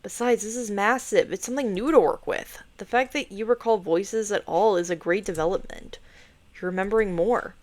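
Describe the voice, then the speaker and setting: A woman's voice: mid-range voice, normal speed, darkish tone, close to an everyday voice. A woman voicing a snarky but caring young brother, dry and teasing.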